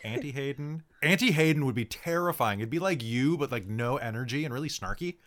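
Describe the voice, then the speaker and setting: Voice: medium pitch, expressive. A game master joking and chatting casually with players before a tabletop game. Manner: joking, loose, quick banter.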